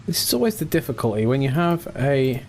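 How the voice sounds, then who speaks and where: Relaxed man narrating gameplay. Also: medium pitch, brisk, slight background noise. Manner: relaxed, chatty, mild swearing. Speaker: gaming channel host. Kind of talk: casual gameplay commentary.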